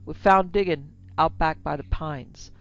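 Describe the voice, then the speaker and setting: Woman doing a filthy, yelling trooper. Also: low voice, measured pace, no echo. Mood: excited. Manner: yelling, rough rural speech. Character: filthy, excited male trooper. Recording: slightly dull lo-fi recording.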